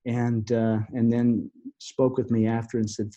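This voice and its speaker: A middle-aged man telling a personal story as a podcast guest, earnest and halting, often restarting his sentences. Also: medium pitch, flat delivery, warm tone, lo-fi sound. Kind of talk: storytelling in an interview.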